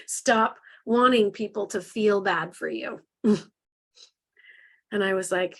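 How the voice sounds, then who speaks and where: A woman's voice: medium pitch, slow, pauses often. Earnest woman guiding a spiritual class. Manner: earnest, gently guiding, emotional. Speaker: spiritual healing teacher. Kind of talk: live online guided spiritual class. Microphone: video call microphone.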